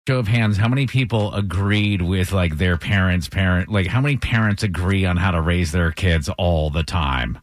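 A man co-hosting a radio show, telling a story in animated, casual banter with frequent laughter. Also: sits low, normal speed, hardly any pauses, dry recording.

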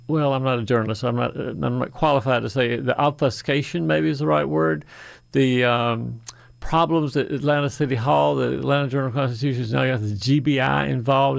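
A man's voice: medium pitch, vocal fry, no echo. A man hosting a call-in garden radio show, chatting in a folksy, rambling way with asides.

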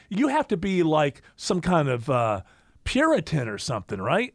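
Animated rambling male podcast host. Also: on the high side, moderate pace, no echo, studio quality. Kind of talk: casual chat.

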